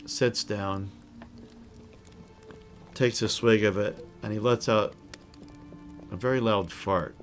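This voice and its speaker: Low-voiced game master narrating a tabletop scene. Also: male voice, steady tone, takes it slowly, long pauses, faint music behind.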